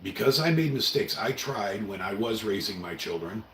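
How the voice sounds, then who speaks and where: With a lowish, slightly bright voice and lively intonation, a middle-aged Oregonian hosts a livestream from a room at home at a moderate pace. His casual monologue is earnest, emotional and rambling. Recorded from a distance, the sound is roomy and a bit off-mic, with slight background noise.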